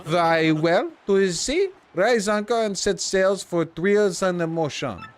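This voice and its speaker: Man doing a boastful mock-French captain, high and hammy. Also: lively intonation, measured pace, soft background music. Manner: grandiose, theatrical mock-French flair. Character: pompous flamboyant male ship captain.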